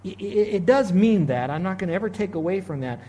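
A middle-aged man preaching a sermon as a pastor, animated, swinging between loud emphasis and hushed asides. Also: high voice, fairly quick.

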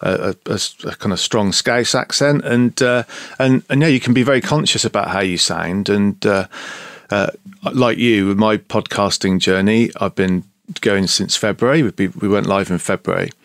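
A man's voice: lowish voice, steady tone, normal speed, a bit bright, no room sound. A middle-aged man with a Bristolian accent, chatting reflectively on a podcast. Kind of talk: casual podcast chat.

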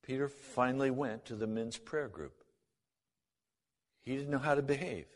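Man, mid-pitched, storytelling testimony that acts out the dialogue, long hall reverb. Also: normal speed. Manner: acts out both sides of remembered conversations. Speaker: speaker giving a personal testimony.

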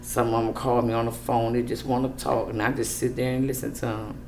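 A middle-aged woman, a grieving mother interviewed for a news report, speaking softly and emotionally with many "you know"s. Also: a bass voice, little pitch movement, a little fast, slight background noise. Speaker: grieving mother, support group founder.

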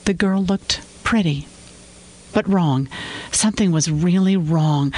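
A man reading scripted fiction narration with a measured storytelling delivery. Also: on the high side.

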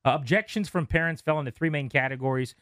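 A man in his thirties hosting a radio talk show, reading news stories aloud with relaxed asides. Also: fairly high pitch, fast talker, dry recording, clean studio sound. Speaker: radio host.

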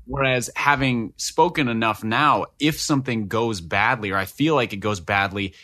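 Self-deprecating pastor dude, bright edgy voice, thinking out loud. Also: male voice, medium pitch, normal speed. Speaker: pastor and podcast co-host. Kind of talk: casual chat.

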